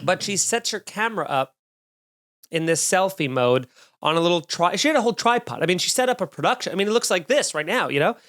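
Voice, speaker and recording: A man's voice: high voice, animated, quick pace, fairly bright tone. A young man hosting his own comedy podcast alone, ranting in a sarcastic, rambling, self-deprecating way. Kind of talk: solo comedic rant. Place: home studio, drinking while recording.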